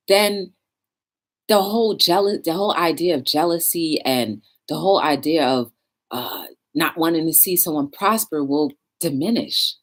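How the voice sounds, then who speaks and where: A woman hosting a live talk show, speaking earnestly and emotionally, close to tears. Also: low-pitched. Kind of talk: live stream monologue.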